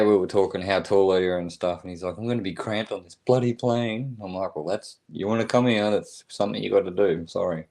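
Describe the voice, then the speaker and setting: A man's voice: sits low, darkish tone. A man from Australia with an Australian accent, chatting casually in an easygoing way. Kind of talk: casual chat.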